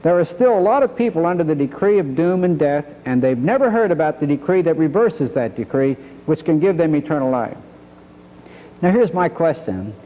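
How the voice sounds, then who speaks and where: A man's voice: a little high, lively intonation, moderate pace, warm tone, in a large hall, dull audio. An older man teaching a Bible lesson, retelling the story and acting out the characters' lines.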